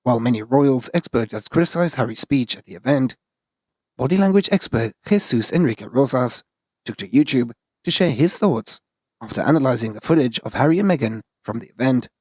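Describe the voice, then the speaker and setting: A man reading scripted news narration in a flat, even delivery. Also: mid-range voice, a little fast, no echo.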